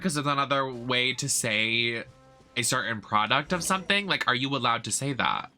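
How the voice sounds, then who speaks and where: A man's voice: mid-range voice, animated, moderate pace, sharp tone, soft background music. A man with a Boston accent chatting crudely and playfully while streaming a game, laughing often. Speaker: gaming streamer. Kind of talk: casual gameplay stream chat.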